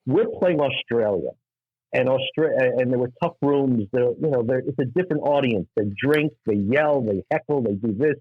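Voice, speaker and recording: A middle-aged man from New York, a stand-up comic telling anecdotes in an animated way and acting out the people in them. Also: medium pitch, no room sound, narrow, tinny audio. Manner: acts out voices in anecdotes, quick asides. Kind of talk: animated storytelling.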